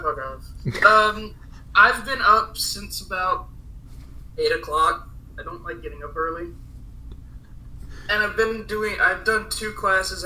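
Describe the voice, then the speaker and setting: A man's voice: high voice, bright, forceful tone, a little hiss or hum, poor audio. A tired young man chatting as a podcast guest, sarcastic and swearing often, talking over a headset on a call. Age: young adult. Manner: sarcastic, swears a lot, complains wearily. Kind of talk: casual podcast chat.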